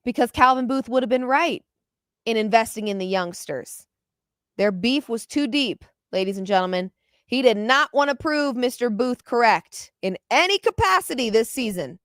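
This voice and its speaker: A woman's voice: fairly high pitch, moderate pace, no room sound, clean studio sound. A woman hosting a basketball postgame podcast, talking with passion and open emotion, often repeating herself when fired up. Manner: animated, repeats words when excited. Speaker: podcast host.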